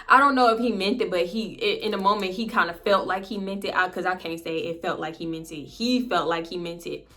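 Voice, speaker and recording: A young woman, casually telling a story to her viewers and acting out her friends' lines in quick quotes. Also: mid-range voice, sharp tone. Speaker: storytime YouTuber.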